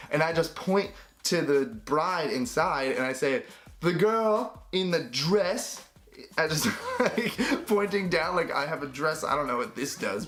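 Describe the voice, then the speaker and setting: A young man vlogging, telling a travel story in a lively way and acting out the people he quotes. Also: fairly high pitch. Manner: animated, acts out quoted voices. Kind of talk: storytelling to camera.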